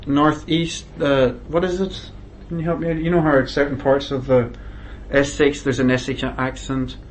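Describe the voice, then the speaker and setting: A man sits under questioning in a meeting and answers defensively. His voice sits at an ordinary middle pitch, and a faint hiss runs under it. He is insistent and repeats himself to make his points. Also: flat delivery, normal speed, low-quality recording. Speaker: interviewee at a meeting. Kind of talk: tense back-and-forth questioning.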